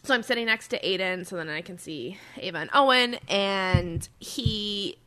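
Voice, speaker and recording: A woman in her thirties, a podcast co-host, telling animated stories about her kids in casual chat. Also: mid-range voice, normal speed. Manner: animated storyteller, acts out her kids' voices.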